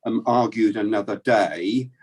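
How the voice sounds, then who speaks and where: A man speaking as a councillor in a formal committee debate over a video call, measured and hesitant with many fillers. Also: fairly low pitch, slightly rough. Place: remote council meeting.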